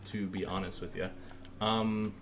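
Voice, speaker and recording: A male streamer chats casually at his desk mic, his voice sitting on the lower side. He rambles and thinks aloud between fillers, calm and easygoing. A faint background hum stays under his voice. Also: measured pace. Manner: thanks viewers and thinks aloud while working. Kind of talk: casual live-stream chat.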